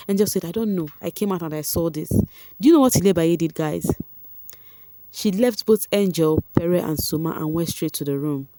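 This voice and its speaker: A woman with a Nigerian accent recapping reality-show events for her viewers in a chatty, animated way, often turning to address them directly. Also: fairly low pitch, no room sound. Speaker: vlogger.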